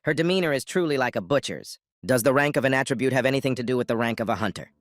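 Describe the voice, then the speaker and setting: A man voicing a calm, deadpan young male hunter in a storybook recap, muttering his thoughts. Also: medium pitch, racing, no room sound, clean studio sound, natural voice.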